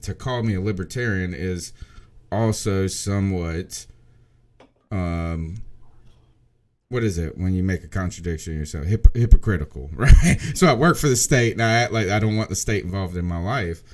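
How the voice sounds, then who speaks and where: Rambling, fired-up man on a podcast. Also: fairly low pitch. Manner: animated, rambling, swears freely. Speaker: podcast co-host and history teacher. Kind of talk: casual podcast chat.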